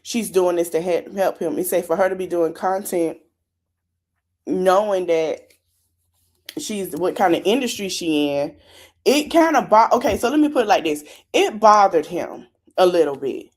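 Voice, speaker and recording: A woman's voice: lowish voice, lively intonation, normal speed. A woman hosting a podcast, giving a casual, chatty recap of a reality show and talking straight to her listeners. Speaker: podcast host.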